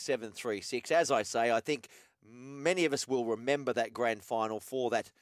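A man's voice: mid-range voice, dry recording, clean studio sound. A man with an Australian accent hosting a talkback radio show, chatty and laid-back, putting questions to callers and his co-host.

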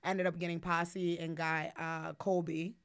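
A woman's voice: on the low side, flat delivery, moderate pace, clear, resonant tone. A young woman from the Bronx with a New York accent, a podcast guest telling candid, profane stories in casual chat. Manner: candid, profane, storytelling with many "like"s.

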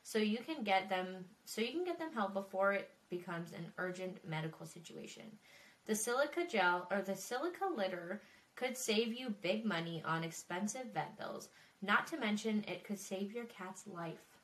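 A woman's voice: medium pitch, lively intonation, moderate pace, far from the mic. Female true crime podcaster, loose and emotional, swears freely, echoey room sound. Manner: chatty, swearing, emotional and tearful. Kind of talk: casual podcast narration. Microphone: desk microphone.

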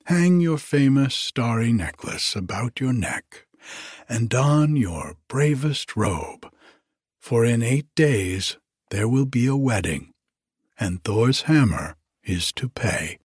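A man's voice: mid-range voice, lively intonation, slow, darkish tone, husky, no echo, studio quality. A man doing a sly, malicious trickster god.

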